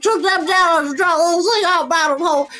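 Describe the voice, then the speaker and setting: A woman's voice: extremely high pitch, fast, pushed and bright, pitched above the performer's own voice. A woman doing a babbling drunk young woman. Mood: drunk rambling. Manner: slurred, incoherent babbling.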